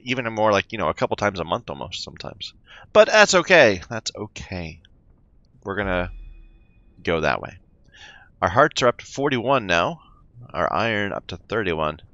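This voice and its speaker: Let's-play gamer, man, lowish voice, reads game text and stumbles over odd words. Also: expressive, normal speed, bright, forceful tone, dry recording, highs cut off. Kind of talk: reading game text aloud with commentary.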